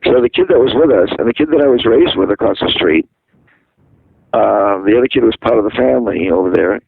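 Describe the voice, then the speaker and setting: Interviewed by phone, an older musician from Massachusetts rambles through his stories, acting out the voices of those he quotes. His lowish voice is creaky and husky, and he talks a little fast. The tinny, dry, echo-free call squeezes his voice thin.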